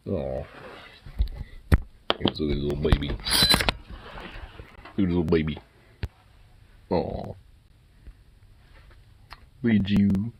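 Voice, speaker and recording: Husky man cooing at his dog. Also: low voice, expressive, rough recording. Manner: soft, doting, drawn-out. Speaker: pet owner. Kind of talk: cooing baby talk to a dog.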